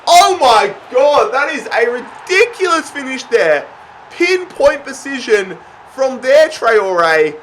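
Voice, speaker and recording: A young man giving excited, often yelled commentary on his own football video game match. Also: very high voice, slow pace, a little hiss or hum. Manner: excitable, yells at big moments. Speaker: gaming YouTuber.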